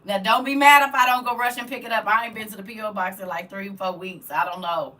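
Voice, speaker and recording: Speaking quickly in a bright, forceful, mid-range voice with fairly even intonation, this online Bible teacher is heard through a distant mic. She chats casually during a livestream, reads viewer comments, and keeps repeating herself for emphasis, often asking "you hear me?"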